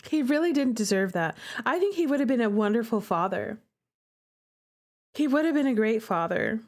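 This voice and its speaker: A woman's voice: a little high, lively intonation, normal speed, darkish tone. A woman streamer reading a visual novel aloud and reacting in a chatty, emotional way. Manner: emotional, chatty, indignant on the character's behalf. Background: faint guitar music.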